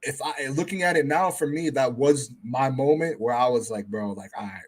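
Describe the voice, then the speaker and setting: A man on as a guest who talks football in a casual, measured way, often hedging his points. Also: mid-range voice. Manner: relaxed, measured, hedging with "I mean". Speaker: guest fan analyst. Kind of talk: casual sports talk.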